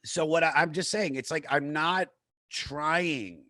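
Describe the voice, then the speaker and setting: A man's voice: on the high side, measured pace, sharp tone, dry recording. A man who is a comedian, talking as a podcast guest in a rambling, self-mocking way and swearing freely. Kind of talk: casual podcast chat.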